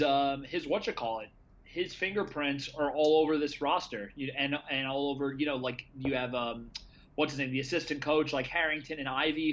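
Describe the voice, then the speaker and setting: A man co-hosting a podcast, with a slightly high voice that comes through a dull, lo-fi line. He talks haltingly, restarting his sentences in relaxed chat. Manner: halting, many restarts and fillers. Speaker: basketball podcast co-host. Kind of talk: casual podcast talk.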